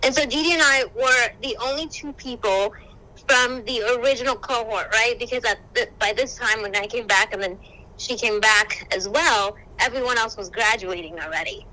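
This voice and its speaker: A young woman telling stories in a casual chat, animated and quick to exclaim. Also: on the high side, low-quality recording. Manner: animated storyteller, exclaims often. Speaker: guest, social work graduate student. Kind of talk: casual conversation.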